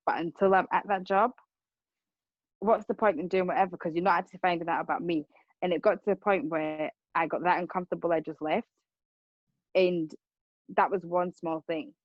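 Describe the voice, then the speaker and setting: Young woman, low voice, earnest and repetitive, dull dry recording. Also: fairly even intonation, moderate pace, pauses often, no echo. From Rwanda. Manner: earnest, circles back with repeated words and fillers. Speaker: speaker on racism. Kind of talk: personal account, casual talk.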